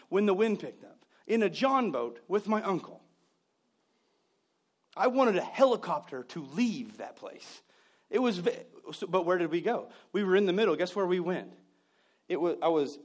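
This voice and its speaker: A man preaching a sermon, telling stories with mimicked voices and joking, sarcastic asides. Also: high-pitched. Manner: jokey, sarcastic humor. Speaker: pastor.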